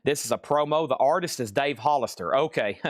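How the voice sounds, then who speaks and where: A man runs a live record sale, chatting casually and rambling between items. His voice sits at a middling pitch, and the sound is dry and close with no room echo. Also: fairly quick. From Tennessee. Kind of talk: live sales stream.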